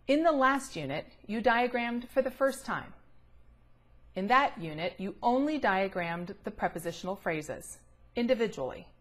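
A middle-aged woman teaching a recorded grammar lesson, explaining patiently and clearly and drawing out the words she stresses. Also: mid-range voice.

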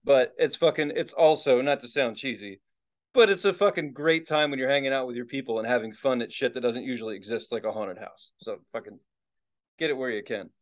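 A middle-aged man co-hosting a podcast in casual chat, excitable and rambling, swearing often and restarting his sentences. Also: medium pitch, brisk. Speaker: podcast co-host. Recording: dull lo-fi sound.

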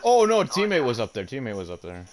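Brief: man gamer, casual rambling chat, very lively swinging pitch. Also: fast talker, crowd noise. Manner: chatty, rambling, easily excited. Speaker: streamer.

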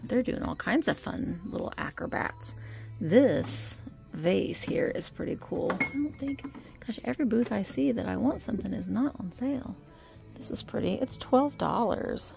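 A middle-aged woman narrates a casual shop-along in an indoor antique mall, thinking out loud about each piece and its price. Her voice carries a noticeable gravelly fry at a mid pitch, with faint music behind her. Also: expressive, moderate pace. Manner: chatty, thinks aloud while pricing items. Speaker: vintage reseller vlogger.

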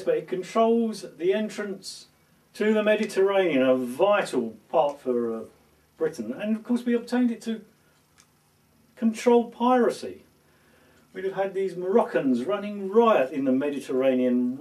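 A man's voice: sits high, expressive, measured pace, darkish tone, distant mic. A man playing a pompous, nostalgic English lord in a comedy sketch, proclaiming in a lofty voice. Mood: defensive.

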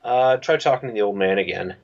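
A man co-commenting on a game playthrough, laid-back, giving brief replies and quiet laughs. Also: on the low side, fast, vocal fry, highs cut off. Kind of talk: casual gameplay commentary.

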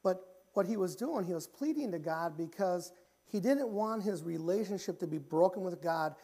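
A man preaching a church sermon, often repeating and restarting phrases and rising in pitch and volume when he reaches the pleading passages. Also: lively intonation, normal speed, breathy edge. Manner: grows louder and higher when pleading passages. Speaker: pastor. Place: church sanctuary.

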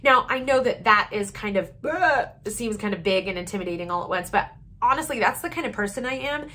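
A woman in her thirties chatting openly and warmly to camera as a vlogger about her small business. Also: mid-range voice, expressive, a little fast. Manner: open and heartfelt, chatty. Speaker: vlogger running a small jewelry shop. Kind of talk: casual chat to camera.

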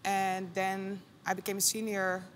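Young Dutch-accented woman, guest, easygoing podcast chat, mid pitch, faint noise behind. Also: unhurried, long reverb tail. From Netherlands. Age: 20s. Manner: relaxed, lots of "like" fillers. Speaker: guest athlete. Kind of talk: casual chat.

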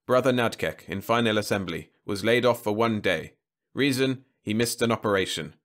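A man's voice: lowish voice, moderate pace, a bit bright, close to an everyday voice. Clicking, droning insect alien official, humorless , read by a male narrator. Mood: flat. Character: towering insect alien, humorless union committeeman.

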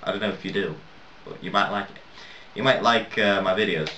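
Through a dull, distant, lo-fi mic in a roomy space with a little background noise, this gaming video maker speaks in a lowish, bright, forceful voice at a fairly quick pace. He builds while giving rambling let's-play commentary, swearing often and poking fun at himself.

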